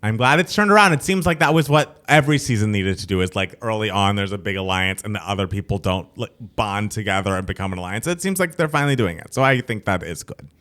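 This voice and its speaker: A man's voice: fairly low pitch, lively intonation, quick pace, few pauses, fairly bright tone. Enthusiastic male podcast co-host. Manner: enthusiastic, reminiscing fan talk. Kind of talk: casual chat.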